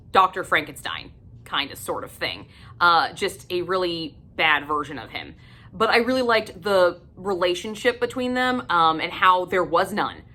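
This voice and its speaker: Woman doing a book review vlog, bright clear voice, cusses a lot, laughs, squeals up high when she gets excited.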